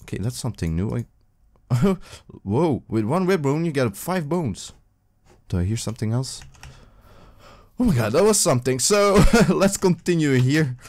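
Speaking at a medium pitch into a desk microphone, a man hosts his own gaming video as he plays. His let's-play commentary is rambling and casual, packed with fillers and broken up by excited yelps.

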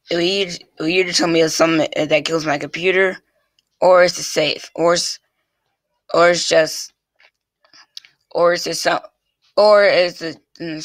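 A man's voice: a little high, fairly bright tone, no echo. A male vlogger talking casually to his viewers, stumbling and repeating phrases over and over before finishing a thought. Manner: halting, restarts and repeats phrases constantly. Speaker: YouTube vlogger. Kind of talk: casual rambling vlog talk. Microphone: desk mic with pop filter.

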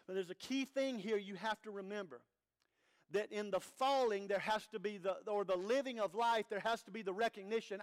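A man's voice: high voice, normal speed. A man preaching an earnest, conversational sermon as pastor, with rhetorical questions to the congregation.

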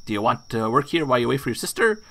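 A man voicing a creepy, overly welcoming male bathhouse keeper in a high sing-song voice while reading game dialogue. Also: sing-song, very fast, sharp tone, exaggerated voice.

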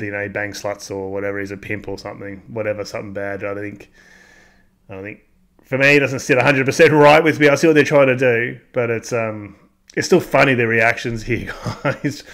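A man's voice: mid-range voice, fairly bright tone. A man hosts a casual reaction video and talks straight to his audience. His speech is loose and unpolished, full of fillers. He sounds like he is chatting rather than presenting. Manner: loose and chatty, addresses viewers as guys, many ums. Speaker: reaction channel host.

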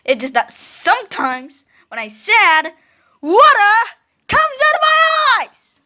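A woman's voice: high voice, sing-song, takes it slowly, sharp tone, full character voice. A woman with an Indonesian accent voicing a hot-tempered, dim-witted male Mongol commander in a history cartoon. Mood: blustering. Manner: blustering, indignant.

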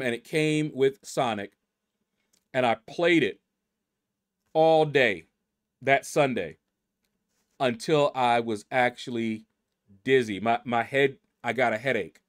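A man's voice: mid-range voice, a bit bright. A middle-aged man hosting a gaming channel, casually reading out leaderboard names and musing aloud as he stumbles over them.

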